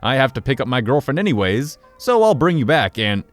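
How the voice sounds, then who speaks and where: Animated male storyteller. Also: mid-range voice, brisk, soft background music. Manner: lively, expressive storytelling. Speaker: story narrator. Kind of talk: reading Reddit stories aloud.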